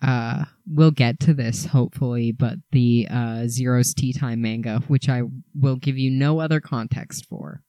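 A man's voice: medium pitch, steady tone, unhurried, few pauses, warm tone, dry recording. A young man from Canada co-hosting a casual podcast, sarcastic and playful, swearing for comic effect. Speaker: podcast co-host. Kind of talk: casual chat.

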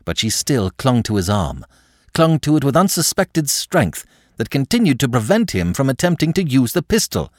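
A man narrating a classic novel in a dramatic, expressive way. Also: medium pitch, normal speed, no echo, studio quality. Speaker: audiobook narrator.

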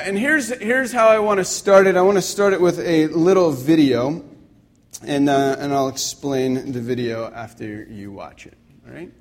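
Young guy pastor, bit higher voice, chatty and self-deprecating in his sermon. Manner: conversational, self-deprecating storytelling.

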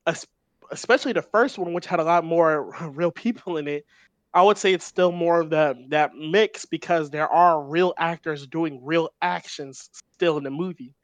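Casting note: higher-pitched male podcast co-host, thoughtful, dry close sound. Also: moderate pace, no echo. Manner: thoughtful, restarts often while explaining. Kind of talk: casual film discussion.

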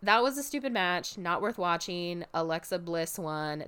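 A woman recapping a show in casual chat, animated and expressive, swearing freely and jumping up in pitch when excited. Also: moderate pace, hardly any pauses, clear, resonant tone. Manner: jumps high in pitch when excited, drops low for asides.

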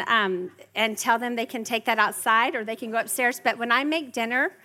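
A woman's voice: fairly high pitch, sharp tone. A middle-aged woman teaching a parenting class in a chatty way, often checking in with her listeners. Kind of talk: workshop teaching to a live group.

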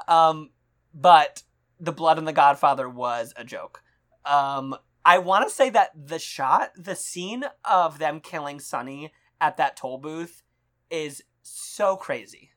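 A woman's voice: low-pitched, slow. A young woman co-hosting a podcast, chatting casually about movies with lots of fillers and frequent laughter. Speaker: podcast co-host.

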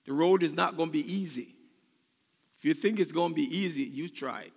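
An older man preaching a sermon as pastor, choked up and emotional, building to loud, fervent passages. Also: on the high side, a little fast, vocal fry, long reverb tail. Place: church sanctuary.

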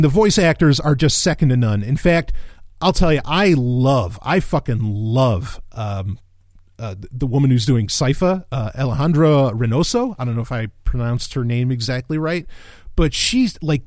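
A man hosting a casual review monologue, excitable and rambling, swearing freely, with many restarts and bursts of laughter. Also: a little high, no echo, clean studio sound.

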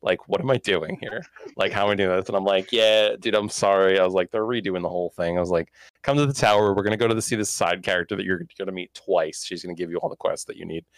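Young male co-host, low-ish voice, excitable gamer chat, dry close sound. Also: fast talker, no echo. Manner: excitable, talks with lots of restarts and fillers. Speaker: podcast co-host. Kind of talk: casual gaming chat.

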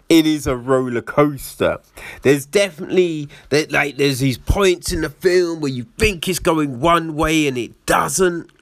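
A man's voice: on the high side, fairly bright tone, no room sound, clean studio sound. A man giving a casual film review in a chatty way, laughing often and asking "right?" after his points.

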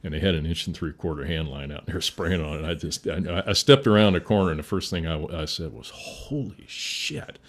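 A Midwestern fire chief tells a war story in a folksy, casual way, cursing and chuckling every so often. His voice rumbles low, and he talks fast with hardly any pauses.

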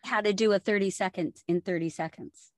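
A woman voice actor chatting in an interview, easygoing and quick to laugh. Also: mid-range voice, fairly even intonation, a little mellow, no echo, studio quality. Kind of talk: casual interview talk.

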